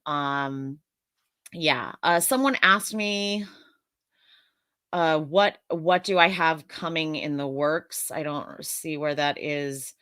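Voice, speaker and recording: A woman's voice: low voice, slow pace, pushed and bright, clear, resonant tone, dry recording. An American woman hosting a casual live Q&A stream, earnest and reflective, often restarting her sentences as she thinks aloud. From United States.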